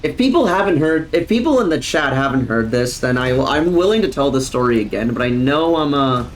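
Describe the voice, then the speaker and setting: A man's voice: mid-range voice, lively intonation, fairly quick, slight background noise. A young man casually chatting on a live stream, rambling and swearing often, with lots of fillers.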